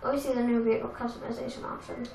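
A young woman casually commenting on a racing game she plays, chatty and self-deprecating, with excitable outbursts. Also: fairly high pitch, very fast, vocal fry. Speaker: let's play gamer. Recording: echoey room with game music.

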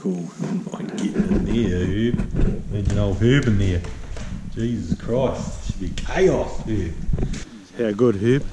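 Kiwi guy yelling n swearing at his mate outside, noisy bg. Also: fairly low pitch, measured pace. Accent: New Zealand. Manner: rowdy, swears a lot, keeps calling out a name. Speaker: vlogger. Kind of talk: outdoor vlog chat. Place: outdoors in the countryside. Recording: outdoors with clear background noise.

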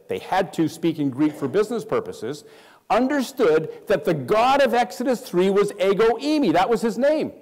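A man preaching a sermon as pastor, emphatic, dropping soft and low to stress his points. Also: in a large hall. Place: church.

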